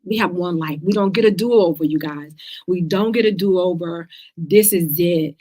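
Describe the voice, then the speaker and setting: A woman's voice: lowish voice, moderate pace. A woman from the United States hosting a cancer survivor talk show, speaking casually and directly to her viewers. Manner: lively, direct, speaks to listeners as girl and y'all.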